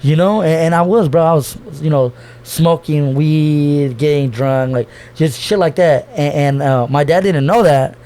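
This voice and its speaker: Warm in tone and on the high side, this young man's voice moves a little slowly. Appearing as a podcast guest, he speaks casually and from the heart about his family, peppering his talk with "bro," swearing, and restarting his thoughts.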